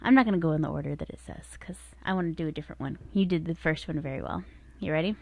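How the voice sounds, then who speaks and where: Chatty woman with a low voice. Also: mellow, no room sound. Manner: reads jokes from a list, quick and chatty. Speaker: podcast co-host. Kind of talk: casual chat and reading jokes aloud.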